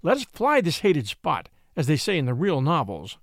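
A man reading an audiobook, voicing a spirited, excitable young woman who gushes and teases sweetly. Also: on the high side, moderate pace, dry recording, studio quality. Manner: breathless, gushing, sweetly teasing.

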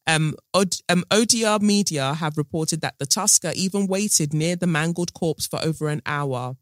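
A woman's voice: low voice, moderate pace, hardly any pauses, dry recording, studio quality. A woman podcast host chatting casually and reading a news story aloud, with many fillers and stumbles over names.

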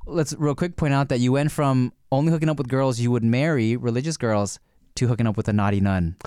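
A man's voice: medium pitch, a little mellow, clean tone, dry recording, clean studio sound. A man co-hosting a podcast, reacting and teasing in casual chat. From Thailand. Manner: reactive, teasing, quick backchannels. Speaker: podcast co-host.

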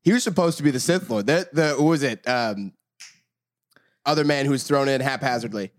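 A man's voice: mid-range voice, fairly quick, no echo, clean studio sound. A man chatting casually as a podcast co-host, explaining things animatedly and often laughing as he talks. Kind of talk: casual chat.

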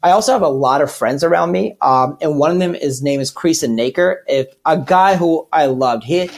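A man's voice: fairly high pitch, normal speed, creaky. A man who works as a comedian, talking as a podcast guest in a rambling, candid way and correcting himself as he goes. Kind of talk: casual podcast chat.

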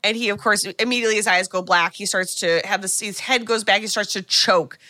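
Bright-voiced chatty woman podcast host. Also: medium pitch, dry recording. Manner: animated, chatty, full of "like" and quick asides. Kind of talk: casual chat recapping a film.

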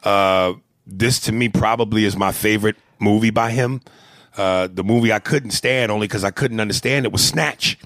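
A man's voice: fairly low pitch, normal speed, fairly bright tone, no room sound, studio quality. A man co-hosting a casual movie chat, rambling and crude, joking and laughing often. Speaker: podcast co-host.

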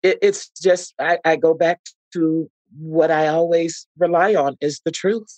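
A woman's voice: low voice, steady tone, a little slow, darkish tone, dry recording, low-quality recording. A middle-aged woman telling heartfelt stories as a guest in a podcast interview, acting out what people said. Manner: heartfelt, earnest storytelling with acted-out quotes. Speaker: actress guest.

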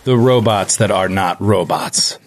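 A man's voice: fairly low pitch, a little slow. A man playing a tabletop game, joking and laughing often with the group. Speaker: player. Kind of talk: casual chat.

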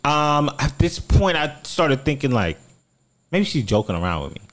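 A man's voice: a little high, sing-song, normal speed, a bit bright. A man from South Florida telling dating stories in casual chat, acting out the quotes in shifting voices.

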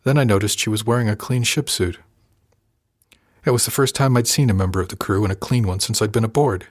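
A low-voiced male audiobook narrator tells a first-person tale in an even, wry way, speaking fairly quickly. The recording is dry and close, with no room around him and no echo.

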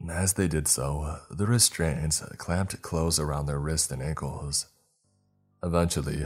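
A man reading a first-person horror story aloud as scripted narration, in a measured storytelling manner. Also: rumbling low, husky.

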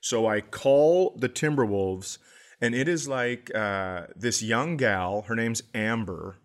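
A man's voice: mid-range voice, slow pace. Rambling comedic storyteller man. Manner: rambling storyteller, animated impressions. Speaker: podcast co-host, comedian. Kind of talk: casual comedic chat.

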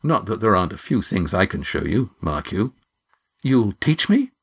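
A man's voice: low voice, sing-song, moderate pace, creaky, husky, heavily acted. A man voicing a proud, dignified middle-aged painter who talks heartily, in a storybook reading. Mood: hearty.

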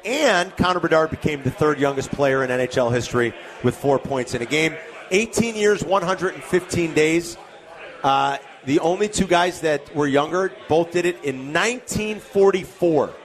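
Guy on sports radio, kinda high voice, joking around and bantering fast. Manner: joking, quick banter, upbeat. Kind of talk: casual sports talk.

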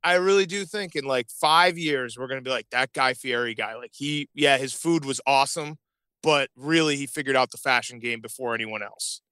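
A man's voice: medium pitch, a little fast, pushed and bright, clean tone, no room sound. A man talking as a podcast guest in casual chat, eager and emphatic, often repeating himself for emphasis.

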